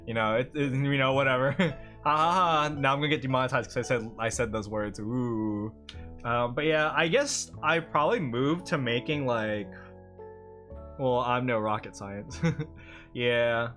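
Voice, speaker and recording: A man's voice: mid-range voice, unhurried, bright, forceful tone, faint music behind. A man chatting casually on a livestream as a streamer, rambling and talking a lot, often laughing between thoughts.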